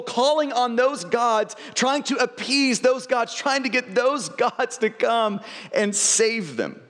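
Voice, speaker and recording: High-voiced pastor preaching in a reverberant hall. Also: male voice, fairly bright tone. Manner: earnest, frequent word repeats and restarts. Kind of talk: sermon.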